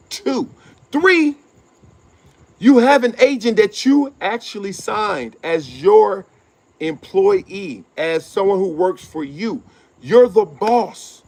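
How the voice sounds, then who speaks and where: Animated man with a lively, swinging pitch. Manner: animated, slangy, laughs often, acts out quotes. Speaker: show host. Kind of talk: casual commentary monologue.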